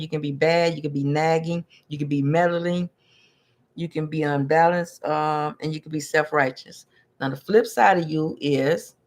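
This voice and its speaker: A chatty tarot and numerology reader talks loosely to viewers during a live-stream reading. They repeat themselves, restart phrases and trip over long words. When a word beats them, they laugh it off at their own expense. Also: mid-range voice.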